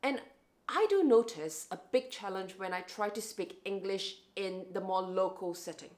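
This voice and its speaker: A woman's voice: mid-range voice, normal speed. A young adult woman vlogging to camera in a casual, reflective way, often restarting and repeating words.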